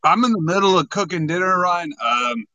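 A man improvising the voice of a middle-aged dad who is busy cooking dinner, in a bright, dry-sounding voice. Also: high-pitched, expressive, fairly quick, no room sound, dull audio. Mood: scolding. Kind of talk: improvised role-play.

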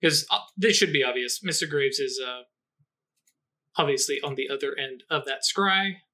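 Bright-voiced male game master, hesitant. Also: mid-range voice, normal speed. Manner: hesitant, many fillers, rules explanations. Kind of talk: running a tabletop game.

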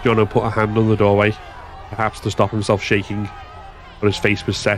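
A man giving a steady, measured scripted narration of a story. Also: lowish voice, soft background music, some chatter behind.

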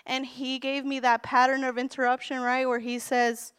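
A woman minister preaching a sermon, counting off numbered points and then candidly telling a personal story with gentle self-deprecation. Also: high voice, flat delivery, normal speed, clean tone. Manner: earnest, counts off numbered points, quotes scripture.

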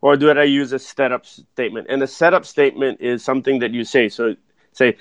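A man giving animated speaking advice as a guest in a podcast interview, full of "right?" tag questions. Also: a little high, fast, no room sound. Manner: energetic, keeps asking "right?" and tacking on "though". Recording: dull lo-fi dry sound.

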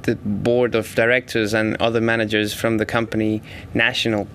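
A man with a lowish voice tells an anecdote in an interview, often stumbling and repeating himself. Faint background noise runs under him. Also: flat delivery, moderate pace, fairly bright tone.

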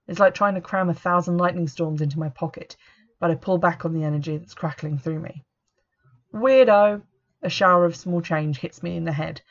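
A woman reading a first-person audiobook in a steady, measured way. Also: lowish voice. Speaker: audiobook narrator. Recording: dull lo-fi recording.

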